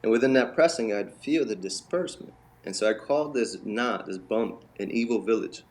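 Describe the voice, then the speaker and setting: A man with a voice on the low side, speaking at normal speed, tells his life story as an interview guest. He is a bodywork healer, and his conversational storytelling is animated, with him acting out the voices of the people in it.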